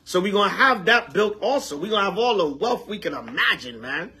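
Guy preaching as an elder, high voice, real street-casual, keeps calling out to the room. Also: brisk. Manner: street-casual, animated, repeats for emphasis. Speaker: elder teaching a congregation. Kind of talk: preaching with call-and-response.

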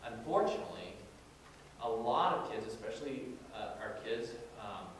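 An earnest man speaks haltingly from far off across a large, echoing room. His talk is full of fillers and restarts, and a steady background noise runs under it. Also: mid-range voice. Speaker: guest speaker. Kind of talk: talk with audience questions. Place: large echoey meeting room. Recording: echoey room from far off, noisy.

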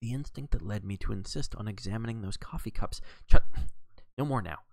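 A fussy little Belgian detective bursts with suppressed excitement and tosses in exclamations, as a man reading the story puts him on. The voice sits fairly low, with a gravelly edge, in a dry, close setting. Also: brisk, no echo. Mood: excitable. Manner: dramatic, sprinkled with French exclamations. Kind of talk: audiobook reading.

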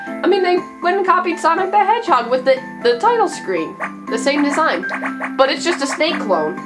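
Woman game reviewer: sarcastic, exasperated commentary, fairly high voice, game music behind. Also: very animated, normal speed. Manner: exasperated, sarcastic, laughing in disbelief. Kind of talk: casual commentary over gameplay.

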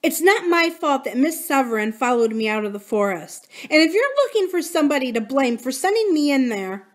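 A woman's voice: high-pitched, sing-song, a little fast, voice pushed up. A woman voicing a brave young girl who leads the others and speaks firmly and reassuringly in a storybook reading. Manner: firm and reassuring.

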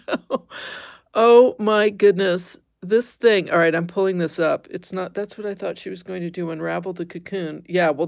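A woman's voice: mid-range voice, darkish tone, no room sound, clean studio sound. A woman hosting a casual craft livestream, chatting with viewers, easily amused and squeamish, laughing and exclaiming. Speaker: livestream host.

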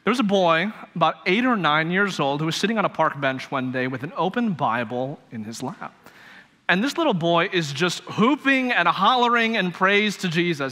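A man's voice: a little high, lively intonation, brisk, pushed and bright. A male pastor preaching a live sermon, telling a story and pressing his points with rhetorical emphasis. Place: church sanctuary, live service. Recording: reverberant church hall.

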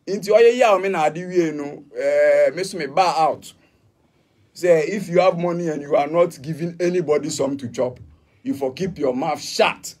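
Ghanaian guy, fairly high voice, defiant and emphatic, mixing english and twi. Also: expressive, measured pace, long pauses, a little mellow. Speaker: musician interviewee.

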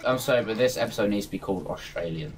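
A man's voice: lowish voice, racing. A young man giving casual, teasing commentary on a game he is playing, humming tunes between lines. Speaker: gaming channel co-host. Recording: noisy home gaming mic.

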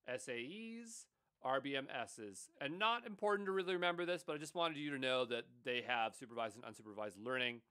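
Bright-voiced man teaching a tech course. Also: mid-range voice, lively intonation, fairly quick, smooth. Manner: conversational, thinking aloud with fillers and asides. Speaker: course instructor. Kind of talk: casual lecture over slides.

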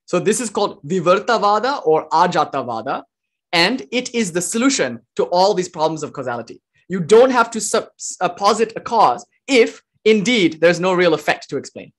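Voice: mid-range voice, very animated, normal speed. Casual, explaining spiritual lecturer. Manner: explanatory, informal, with light laughs and filler words.

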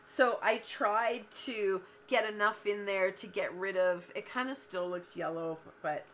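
A cardmaking show host sits at her craft table at home, rambling chattily on a livestream as she crafts. Her voice is medium in pitch and a bit bright, with a little hiss or hum, and she laughs a lot while telling stories.

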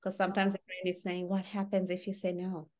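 A woman's voice: lowish voice, monotone, a little fast, a little mellow. A middle-aged woman giving a workshop talk in a conversational teaching style, explaining with everyday examples and often checking in with the audience. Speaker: workshop trainer.

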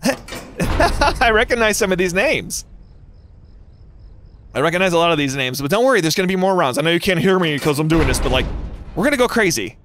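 Excitable giggly young man gaming. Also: high-pitched, brisk, pauses often. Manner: excitable, giggly, squeals and shouts in bursts. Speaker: gaming YouTuber. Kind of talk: live gameplay commentary.

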